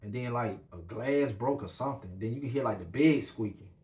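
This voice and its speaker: A man hosting a podcast, telling a story in a casual, animated way, full of fillers. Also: medium pitch, a little fast. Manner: animated, rambling with many fillers. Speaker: podcast host. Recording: roomy echo.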